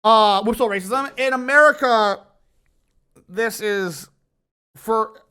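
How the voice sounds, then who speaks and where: A man's voice: sits high, slow pace, bright, forceful tone, clear, resonant tone. A man streaming his reaction to a video, ranting heatedly and swearing, with bursts of laughter. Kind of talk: casual reaction commentary.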